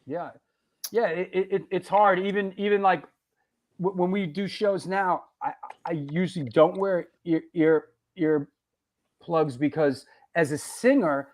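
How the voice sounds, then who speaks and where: A man's voice: high voice, fairly even intonation, measured pace. A middle-aged man hosting a casual chat, rambling and restarting his sentences. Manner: rambling, repeats words and restarts often. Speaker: host.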